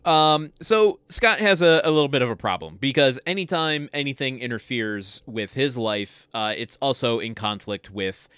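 A man co-hosts a casual movie review podcast, summing up the plot with wry sarcasm. His voice is bright and crisp, and the sound is dry and close. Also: mid-range voice, expressive, moderate pace, few pauses, no echo. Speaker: podcast co-host.

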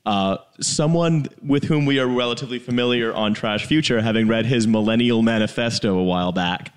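A man's voice: medium pitch, a little fast, smooth. A man hosting a comedic podcast over a call, steering the chat with frequent ums and uhs. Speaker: podcast host. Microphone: remote call.

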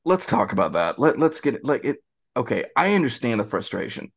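A man co-hosting a podcast, chatting casually about sports in a rambling, animated way with many restarts. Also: medium pitch, brisk, gravelly. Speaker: podcast co-host.

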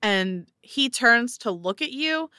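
A woman's voice: a little high, animated, slow pace, pushed and bright, clean tone, no room sound, clean studio sound. A woman narrating a tabletop game as game master in a casual, descriptive way. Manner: casual, descriptive, many fillers.

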